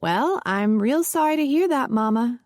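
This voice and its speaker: A woman's voice: fairly high pitch, expressive, normal speed, a little mellow, no room sound, studio quality, natural voice. A woman voicing an anxious grown son who tries to placate his demanding mother. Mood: anxious pleading. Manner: nervous, eager to please.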